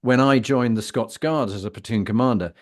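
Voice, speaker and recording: Hosting a conversational interview, a man from Britain speaks fairly quickly at medium pitch. He tells lively stories and winds up at length before getting to his question.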